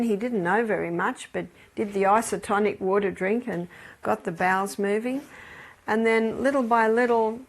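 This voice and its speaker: A woman with an Australian accent and a medium-pitched, gravelly voice gives a health lecture built around stories. As a health educator, she's chatty and laughs between anecdotes.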